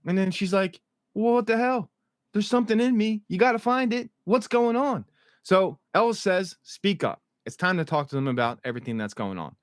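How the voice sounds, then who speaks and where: Dude recapping a show, chill and slangy, dead dry mic. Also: male voice, medium pitch, fairly bright tone, no room sound. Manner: loose, slangy retelling, quoting characters in passing. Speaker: recap host. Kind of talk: casual TV episode recap.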